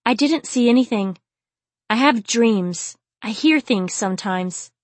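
A woman's voice: a little high, lively intonation, measured pace, no room sound. A woman reading the part of a troubled young woman haunted by visions, speaking with urgency. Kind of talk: audiobook character reading.

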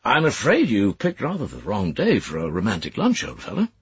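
A male narrator playing a jovial, teasing junior official, a little raised in pitch, with a lively lilt. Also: fairly quick, vocal fry, slightly rough, no room sound, lo-fi sound, full character voice. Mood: amused. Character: small, irrepressibly amused male civil servant.

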